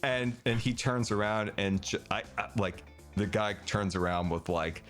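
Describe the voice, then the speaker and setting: A man's voice: moderate pace, faint music behind. A man in his thirties casually telling a story as podcast co-host, acting out other people's voices. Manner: animated, acts out other people's voices with big pitch jumps.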